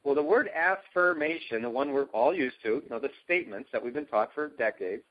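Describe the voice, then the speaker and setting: A man's voice: animated, a little fast. A man coaching, explaining his ideas enthusiastically and emphatically over a call. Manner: enthusiastic, emphatic, jumps pitch on key words. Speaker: guest, self-help coach. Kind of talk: animated conversational explaining. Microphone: call line. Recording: dull lo-fi phone-call audio.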